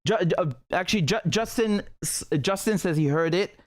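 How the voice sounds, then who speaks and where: A man's voice: sits high, normal speed. A man hosting a live political stream, talking in a heated, sarcastic way with many restarts.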